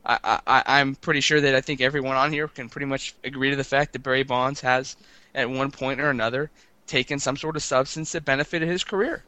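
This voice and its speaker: A man's voice: medium pitch, fairly even intonation, fairly quick, pushed and bright. A man co-hosting a casual sports talk show, rambling and teasing his co-host, often stammering over restarts. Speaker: podcast co-host.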